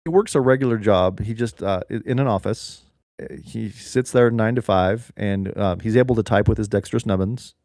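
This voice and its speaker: A young man co-hosting a comedy podcast, rambling through an absurd story in a deadpan way. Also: fairly low pitch, moderate pace, no room sound, studio quality. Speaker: podcast co-host. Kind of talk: casual comedic chat.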